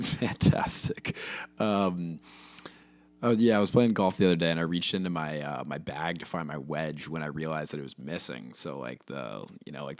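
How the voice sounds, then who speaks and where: A man's voice: very deep voice, no echo, clean studio sound. A man hosting a podcast, delivering a profane, rambling comedic monologue full of fillers. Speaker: podcast host.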